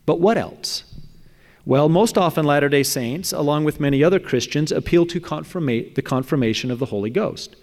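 A man reading a prepared talk in a measured, thoughtful way, often trailing off at the ends of phrases. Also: a little high, a little mellow. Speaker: speaker presenting a paper. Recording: long hall reverb.

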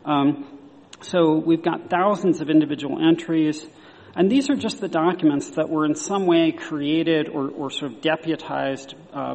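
Gravelly-voiced man lecturing in a hall. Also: a little high, darkish tone. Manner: thoughtful, many fillers and restarts. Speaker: historian. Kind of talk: lecture talk.

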